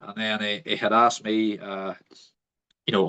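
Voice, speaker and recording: Low-voiced man telling a story. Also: measured pace, clear, resonant tone. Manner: animated storyteller, acts out quoted voices. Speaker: podcast host. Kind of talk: casual storytelling chat. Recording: dull lo-fi audio.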